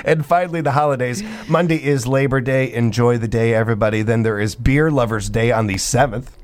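Chatty male morning radio host. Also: medium pitch. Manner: chatty, quick asides, frequent restarts and throat clearing. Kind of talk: casual radio banter. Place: radio studio.

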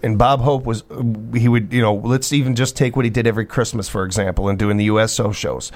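A man hosting a morning radio show, chatting casually with a co-host, with quick asides and frequent restarts. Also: fairly low pitch, steady tone. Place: radio studio.

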